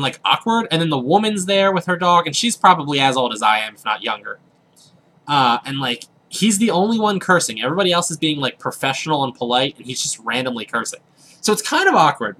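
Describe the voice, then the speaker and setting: A man's voice: on the high side, bright, forceful tone, a little hiss or hum. A young man casually rambling through a story while commenting on a video game, full of fillers and asides. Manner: rambling, filler-heavy, chatty. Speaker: let's play host.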